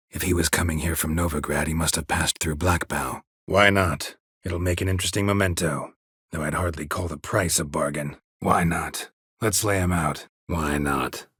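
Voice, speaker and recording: Laconic game monster hunter: low, raspy, clipped, dry studio sound. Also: male voice, fairly bright tone, no room sound, heavily acted. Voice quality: husky, gravelly low voice. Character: gruff middle-aged male monster hunter, terse and dry. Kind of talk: game voice acting. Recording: dry close studio recording.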